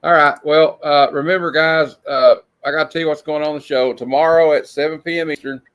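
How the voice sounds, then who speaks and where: Man, stream host, casual chatter, slightly high voice, offhand and chuckling. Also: fairly even intonation, a little fast, a bit bright, clean tone. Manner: reads comic panels aloud in funny put-on voices. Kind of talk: casual live-stream chat.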